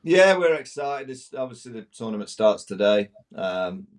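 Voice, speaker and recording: A man's voice: mid-range voice, sing-song, normal speed. A man from England, a podcast guest, chatting casually with a hesitant, stammering manner. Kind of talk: casual chat.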